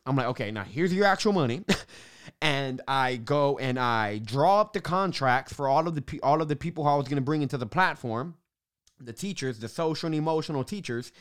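A man telling the story of launching his business in a casual, animated monologue, swearing and laughing now and then. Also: fairly high pitch, clean tone. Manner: animated, swears, laughs between beats, restarts often.

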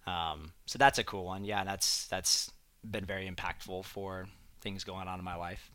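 Male podcast host, reflective and earnest, a little low, close dry mic. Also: steady tone, moderate pace, bright, forceful tone, clear, resonant tone, no echo. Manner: reflective, earnest, frequent fillers like "like" and "um". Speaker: podcast host telling a travel story. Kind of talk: casual conversational storytelling. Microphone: headphones and studio mic.

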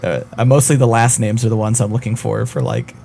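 A man's voice: medium pitch, animated, brisk, creaky, dark tone, a little hiss or hum. A man co-hosting a casual podcast about games, talking in a rambling, hesitant way with lots of fillers. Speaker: podcast co-host.

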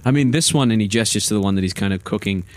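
Rambling game master with a low voice. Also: male voice, racing, no echo. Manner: rambling, repeats words when excited. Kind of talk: narrating and voicing characters in a tabletop game.

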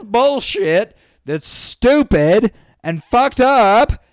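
A man with an expressive, smooth voice speaks at a slow pace, recorded dry and in studio quality. As a podcast host, he launches into an exasperated, profane rant, slipping into mocking high-pitched impressions.

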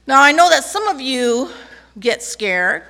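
A woman's voice: high voice, sing-song, a little slow, bright, forceful tone. A woman pastor preaching a sermon in a church sanctuary, emphatic, leading the congregation in call-and-response. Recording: long church hall reverb.

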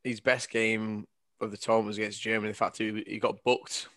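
Male co-host, relaxed mid-range voice, close dry recording. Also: fairly low pitch, fairly quick, dry recording. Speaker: podcast co-host. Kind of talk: casual football podcast chat.

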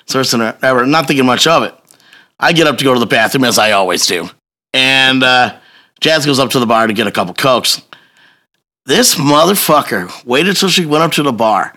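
Animated, bright-voiced man telling a story. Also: mid-range voice, moderate pace. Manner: animated, profane storytelling with laughter. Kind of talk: casual storytelling chat.

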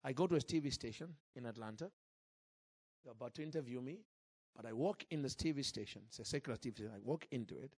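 A man preaching a sermon into a microphone in church, telling a story in a lively, acted-out way. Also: medium pitch, fast, slightly rough, dry recording, studio quality. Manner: animated, acts out scenes and jokes with the crowd. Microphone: handheld or stand mic.

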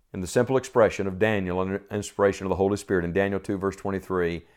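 A man's voice: on the low side, fast talker, hardly any pauses, a little mellow. A middle-aged man preaching a sermon, earnest and pleading, full of rhetorical questions.

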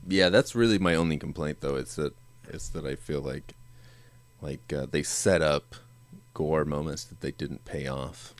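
A man's voice: very deep voice, a little slow. A man co-hosting a podcast, chatting casually about movies, laid-back, swearing freely and laughing often. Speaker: podcast co-host.

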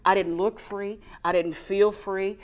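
A woman co-hosts a casual faith program, telling a personal story. She is animated and self-mocking. She does a whiny crying voice when she quotes her past self. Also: mid-range voice, unhurried. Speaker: co-host sharing a testimony. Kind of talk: casual faith talk show.

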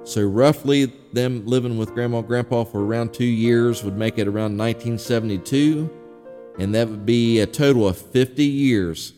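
A man's voice: medium pitch, normal speed, dark tone, long reverb tail, soft background music. Folksy man telling family stories. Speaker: host presenting family memories. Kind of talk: casual storytelling.

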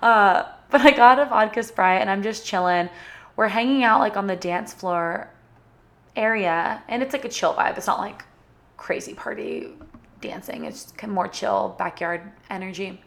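A woman's voice: medium pitch, normal speed, a bit bright. A young woman casually telling a personal story to her viewers, bubbly and chatty, with lots of "like" fillers. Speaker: vlogger.

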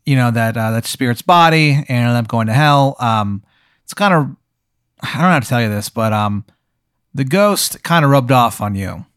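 A man's voice: medium pitch, lively intonation, normal speed, a bit bright, smooth, no room sound, studio quality, lightly acted. A man voicing an old bearded male wizard who talks in a bad put-on Maryland accent, laid-back and blunt. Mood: matter-of-fact.

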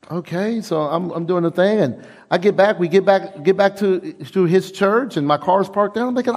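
A male pastor preaches with a high voice and a lot of swing in his pitch. He tells personal stories in a lively way, stumbles and repeats words as he builds up, and acts out the voices of people he quotes. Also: moderate pace. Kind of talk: sermon.

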